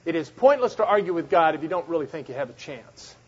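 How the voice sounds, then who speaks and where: A man's voice: fairly high pitch, animated, quick pace, husky. A man teaching a Bible study, reading scripture aloud with dramatic emphasis and explaining it in a conversational way. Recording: dull lo-fi recording.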